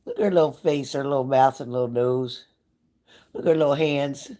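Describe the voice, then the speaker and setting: A woman's voice: very deep voice, fairly quick, dark tone. An older woman talks straight to her live-stream viewers in a loose, chatty way. She is emotional and scattered, jumping from one thought to the next as she gets ready to give a reading. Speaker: psychic reader hosting a live stream. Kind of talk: casual live-stream chat.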